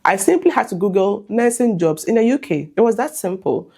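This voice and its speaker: A Ghanaian woman narrates her own vlog at a measured, clear pace. A cold has left her voice hoarse. Her pitch sits in an ordinary middle range. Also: animated, darkish tone. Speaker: vlogger, nurse.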